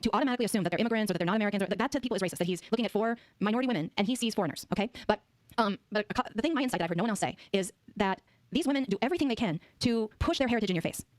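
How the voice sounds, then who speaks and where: A woman's voice: medium pitch, expressive, very fast, dry recording, clean studio sound. A woman co-hosting a podcast, talking politics in an emphatic, indignant way. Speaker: podcast co-host. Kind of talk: casual political chat.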